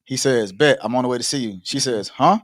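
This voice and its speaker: A man's voice: medium pitch, a little fast, dry recording, clean studio sound. A man co-hosting a casual talk show, reading a text exchange aloud and acting it out, laughing often. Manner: animated, laughs often, acts out the text messages. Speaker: co-host. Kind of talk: casual podcast chat, reading messages aloud.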